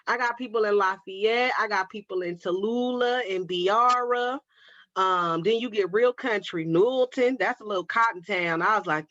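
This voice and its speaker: A woman's voice: on the high side, fairly bright tone, dry recording. Chatty woman hosting a craft livestream. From Oakland, California. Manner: chatty, affectionate terms like baby and girl. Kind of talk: casual livestream chat reading viewer comments. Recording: dry, slightly dull livestream audio.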